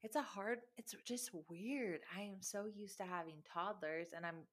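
A woman's voice: medium pitch, normal speed. A woman in her thirties chatting openly about her kids, candid and emotional, laughing as she tells stories. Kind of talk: casual chat.

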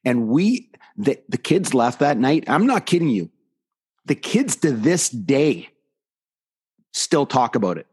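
A man's voice: mid-range voice, big pitch swings, takes it slowly, pauses often, a little mellow, slightly rough. A man who coaches youth hockey, telling a story on a podcast in an emphatic, indignant way and repeating words for effect.

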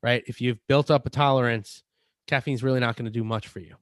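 A man's voice: mid-range voice, steady tone, a little fast, no room sound. A man with a mid-range voice co-hosts a fitness chat and walks through supplement advice in an explanatory way. He often restarts and repeats himself as he talks. The sound is close and dry. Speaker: fitness podcast co-host. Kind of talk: casual chat.

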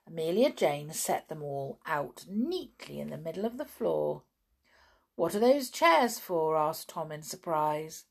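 A woman narrating a children's storybook, expressive, with dramatic gasps and sighs. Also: sits low, gravelly, slightly rough. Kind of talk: storybook reading.

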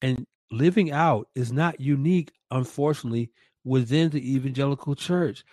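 A man's voice: mid-range voice, normal speed, a little mellow, no room sound. A man co-hosting a Christian commentary podcast, emphatic and stressing points by repeating words. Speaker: podcast co-host.

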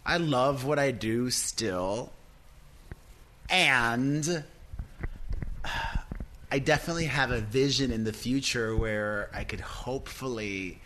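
A middle-aged man chatting casually as a podcast guest, animated and laughing easily, tripping over restarts. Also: medium pitch, a little hiss or hum. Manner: animated, quick bursts of laughter, stammers on restarts. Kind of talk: casual chat.

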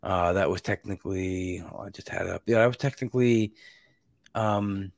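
Guy hosting a podcast, lowish voice, dry close sound, keeps trailing off and restarting. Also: normal speed, gravelly, no room sound. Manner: rambling, self-interrupting, laughs between thoughts. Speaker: podcast host. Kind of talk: casual podcast chat.

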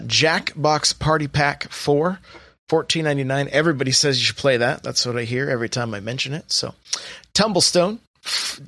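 In a mid-range, slightly bright voice, a man hosts a casual podcast, chattily reading out sale prices packed with fillers. The studio-quality recording has no echo.

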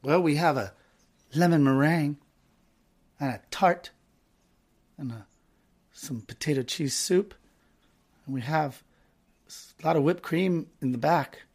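A man voicing a friendly young female restaurant hostess in a bright, chirpy voice. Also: a little high, measured pace, pauses often, breathy edge.

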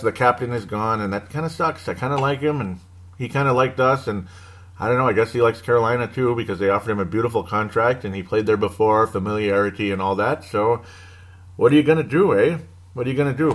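A man's voice: fairly low pitch, fairly bright tone. A man hosting a casual solo sports show, rambling through team news with wry asides and chuckles. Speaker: sports podcast host.

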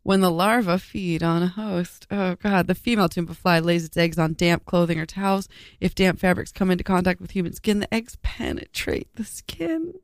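A woman's voice: fairly low pitch, expressive, normal speed, dry recording, clean studio sound. A young woman co-hosting a casual podcast, reading an article aloud and groaning and swearing in disgust as she goes. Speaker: podcast co-host.

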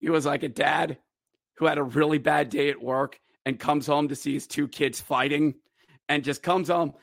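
Male podcast host, higher voice, dry close-mic sound, excitable hockey recap full of jokes and shouts. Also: normal speed, gravelly, no room sound. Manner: excitable, jokey, acts out players' voices with sudden loud shouts. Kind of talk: animated solo sports recap.

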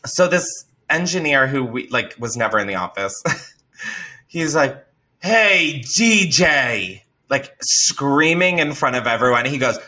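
Bright-voiced man telling a wild story. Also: medium pitch, moderate pace. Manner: animated, profane storytelling full of "like". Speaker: podcast co-host telling a story. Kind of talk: casual chat.

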